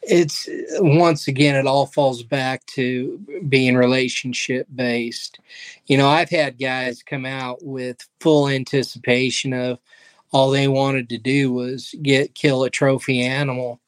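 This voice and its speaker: A pastor and guest in a casual interview, speaking in an earnest, faith-driven storytelling way. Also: male voice, mid-range voice, steady tone, takes it slowly, no room sound. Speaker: pastor and ministry leader, guest.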